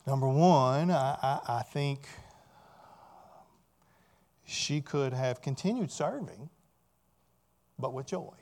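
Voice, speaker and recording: A man's voice: medium pitch, lively intonation, slow, long pauses, a little mellow. A man preaching a sermon as a pastor, often asking his listeners rhetorical questions.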